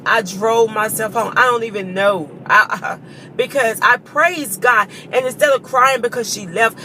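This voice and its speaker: A woman's voice: medium pitch, bright, forceful tone, slight background noise. Tearful woman sharing a testimony. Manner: emotional, earnest, addresses viewers as y'all. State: choked up with tears. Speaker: vlogger. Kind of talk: personal testimony to viewers.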